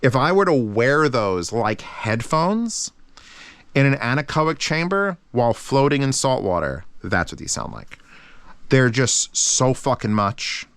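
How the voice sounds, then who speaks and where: A man hosting a casual review channel, talking in an excitable, rambling way with lots of swearing. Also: medium pitch, measured pace, clean tone, dry recording.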